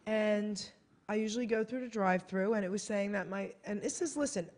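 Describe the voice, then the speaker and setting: A guest author on a radio talk show, this American woman speaks briskly in a mid-range voice from the studio. She tells her story in a casual, animated way, brightening her voice to act out quotes.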